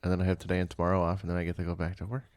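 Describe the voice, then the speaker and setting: Tired podcast co-host, lively storyteller with a low voice, dry close mic, laughs a lot. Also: male voice, racing, no echo. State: tired after a night shift. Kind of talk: casual chat.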